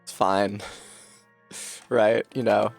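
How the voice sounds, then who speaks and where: A man's voice: fairly low pitch, level tone, very slow, gravelly, soft background music. A man chatting casually while streaming a game, joking and swearing through rambling asides.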